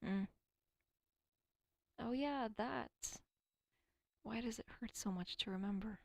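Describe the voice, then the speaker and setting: A woman's voice: on the high side, slow, gravelly, no room sound. A woman rambling alone on a casual stream, swearing often, stumbling over words and dropping into whispers now and then. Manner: rambling, profane, self-deprecating.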